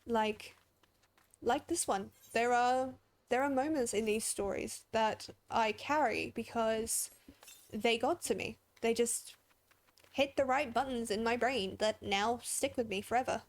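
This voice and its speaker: Woman streamer, English accent with Aussie twang, chatty, emotional, laughs and swears, fairly high voice. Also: measured pace. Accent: English with an Australian twang. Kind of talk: casual gaming commentary.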